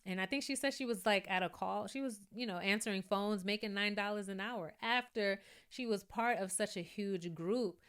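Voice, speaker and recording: A woman's voice: medium pitch, moderate pace, hardly any pauses, smooth. A woman giving a casual, chatty recap and commentary, laughing often and acting out quotes from the show. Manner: chatty, animated, often laughing and quoting people. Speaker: YouTube reviewer.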